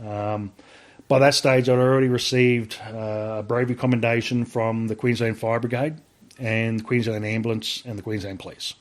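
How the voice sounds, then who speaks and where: An Australian man speaking as a podcast guest, recounting events in a loose, blunt style with plenty of swearing. His voice sits at an ordinary middle pitch, and his talk is full of ums and restarts. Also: little pitch movement, moderate pace. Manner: blunt and profane, lots of fillers. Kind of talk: casual storytelling.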